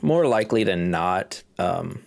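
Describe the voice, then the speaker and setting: A man's voice: sits low, expressive, unhurried, creaky, soft background music. A congested man casually commenting on his game as he plays, thinking aloud and chuckling. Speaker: gaming video host.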